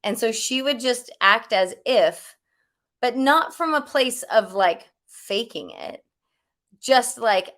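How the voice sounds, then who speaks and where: A woman's voice: a little high, very animated, slow pace, fairly bright tone. A woman spiritual teacher giving casual, rambling advice, full of fillers and restarts. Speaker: spiritual teacher answering questions.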